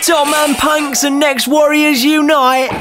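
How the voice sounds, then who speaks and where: A man's voice: very high-pitched, little pitch movement, slow pace, over music. A man co-hosting a comedy radio sketch, playing a mock-rebellious punk who swears constantly.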